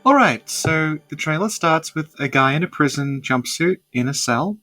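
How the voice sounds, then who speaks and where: A woman's voice: deep voice, lively intonation, moderate pace, sharp tone, soft background music. A woman co-hosting a casual podcast, recapping with dry sarcasm and frequent laughs. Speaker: podcast co-host.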